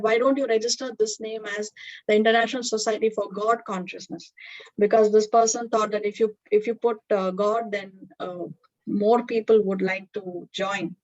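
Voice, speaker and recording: A woman teaching a devotional scripture class, explaining earnestly with many fillers and restarts. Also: medium pitch. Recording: dull lo-fi recording.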